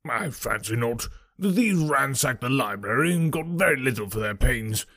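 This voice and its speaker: Hearty old army colonel, husky and brisk, dry close read, as a male narrator puts him on. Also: mid-range voice, lively intonation, fairly bright tone, no room sound. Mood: chatty. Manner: brisk, matter-of-fact. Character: bluff old retired army colonel, hearty country gent. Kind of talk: audiobook character reading.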